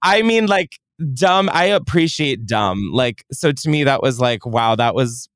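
A man hosting a casual podcast, his pitch swinging widely as he jokes and swears through his stories. The sound is close and dry with no room around it. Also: unhurried, dry recording. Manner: joking, profane, animated storytelling. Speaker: podcast host.

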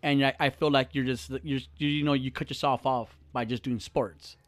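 A man's voice: mid-range voice, steady tone, normal speed, dry recording. A young man hosting a podcast, chatting casually, joking and swearing freely in a small studio. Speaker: podcast host.

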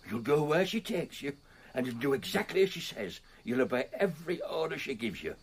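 An actor playing an irascible bedridden old rich man in a radio drama, husky and blustering. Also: fairly high pitch, sing-song, fairly quick, slight background noise. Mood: commanding. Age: older. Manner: gruff, blustering, impatient.

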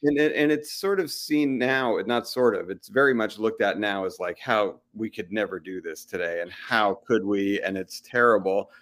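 At a live podcast show held in a restaurant, a comedy TV writer talks casually as the guest. His voice is on the low side and a bit bright, at a moderate pace with few pauses. He weighs his words, hedges a great deal, and acts out the voices he quotes.

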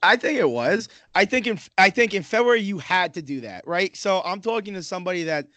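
A man with a slightly higher voice talks hockey casually, rambling on with frequent profanity and self-interruptions. His sound is dry and close, with no room around it. He keeps circling back to restate his points. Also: expressive, fairly quick, pushed and bright, no room sound. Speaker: Islanders fan in a hockey podcast discussion.

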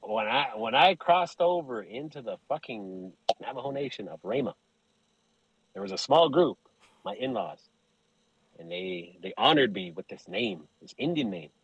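Husky, animated man telling jokey stories. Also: mid-range voice, normal speed, no echo, poor audio. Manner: profane, laughs often, acts out voices in stories. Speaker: podcast guest. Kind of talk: casual joking storytelling.

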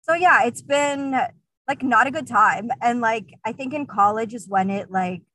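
Candid young woman, slightly high voice. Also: normal speed, sharp tone, no echo, poor audio. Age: 20s. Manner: candid, frequent "like" fillers, laughs often. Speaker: guest. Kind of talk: casual personal storytelling.

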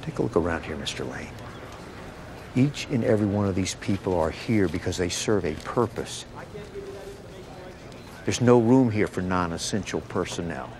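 A stern military commander. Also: male voice, expressive, moderate pace, long pauses, crowd noise. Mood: pointed. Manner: blunt, commanding, matter-of-fact. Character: stern male military commander, middle-aged. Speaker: military officer in a film. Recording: film clip with loud background rumble.

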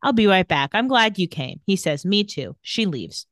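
A woman's voice: medium pitch, expressive, moderate pace, dry recording, studio quality. A woman co-hosting a casual podcast, retelling scenes and quoting characters' lines, laughing often. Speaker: podcast co-host recapping a TV episode. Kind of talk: casual chat.

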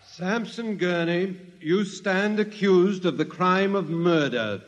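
A man's voice: sits high, takes it slowly, over loud music. An actor playing a stern male judge delivering formal pronouncements in a 1950s radio drama. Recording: dull, reverberant old radio recording.

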